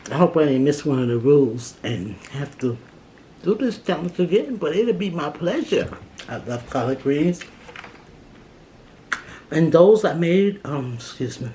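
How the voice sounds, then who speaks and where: A woman's voice: sits low, very animated, measured pace, pauses often, mellow, a little hiss or hum. A woman vlogger talking casually while she eats, often with food in her mouth and humming between bites. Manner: talks while eating, mouth full, hums between bites. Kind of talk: casual eating vlog.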